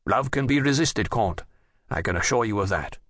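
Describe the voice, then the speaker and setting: A man voicing a young king who speaks with firm, measured authority in an audiobook. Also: lowish voice, lively intonation, fairly bright tone, no echo, studio quality. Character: young male king, firm and self-assured.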